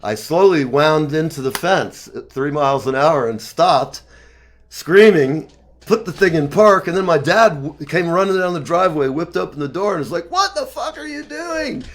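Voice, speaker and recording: A man in his fifties telling rambling personal stories in casual chat, animated and profane, often laughing. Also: fairly high pitch, moderate pace. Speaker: talk show guest.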